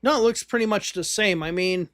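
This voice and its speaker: A man with a high voice rambles through election returns, restarting his sentences as he goes. The sound is close and dry, with no room around it, and he talks like a host chatting on a livestream. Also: brisk, a bit bright, dry recording. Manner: rambling, restarts, thinks aloud while reading results. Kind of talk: casual live commentary on election results.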